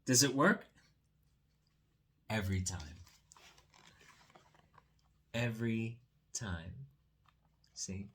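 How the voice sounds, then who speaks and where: A man, a teacher, reading a picture book aloud to children in a gentle, coaxing way with soft whispered asides. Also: lowish voice, animated, extremely slow, long pauses, slightly rough.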